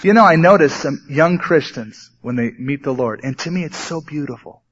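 Male pastor preaching, fairly high voice, chatty and sometimes animated delivery, muffled lo-fi recording. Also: normal speed, husky. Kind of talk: sermon. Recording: dull lo-fi sermon recording.

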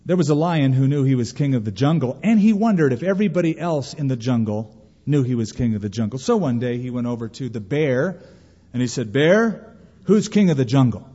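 A man's voice: mid-range voice, expressive, fairly quick, warm tone. A man preaching a sermon as pastor, emphatic storytelling and quoting scripture. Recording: reverberant, dull lo-fi hall recording.

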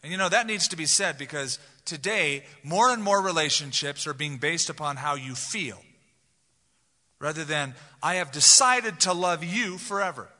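A male pastor delivers a sermon in a casual, conversational way and slips into quoted voices. His voice sits a bit high and sounds tense and piercing. Long reverb from a big sanctuary trails each phrase. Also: expressive, moderate pace, bright, forceful tone. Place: large church sanctuary.

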